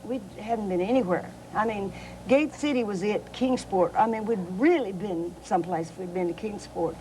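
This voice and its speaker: A woman's voice: medium pitch, normal speed, mellow, a little hiss or hum, low-quality recording. A middle-aged woman from southwestern Virginia with a Southern Appalachian accent, telling family stories in an interview and laughing often. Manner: chatty, laughing storyteller, many fillers. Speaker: interview guest, cookbook author. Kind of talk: anecdotal storytelling in an interview.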